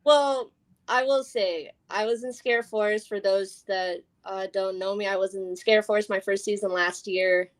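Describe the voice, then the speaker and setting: A woman's voice: medium pitch, fairly even intonation, a little slow. A young woman chats on a podcast as a guest, telling her stories with lots of energy. She laughs often and jumps into voices as she acts out the quotes. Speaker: guest scare actor. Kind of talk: casual podcast storytelling.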